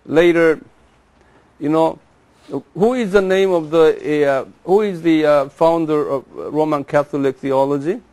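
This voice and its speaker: A man giving a classroom lecture, repeating names slowly and having the class say them after him. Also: fairly high pitch, a little mellow. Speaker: Bible teacher.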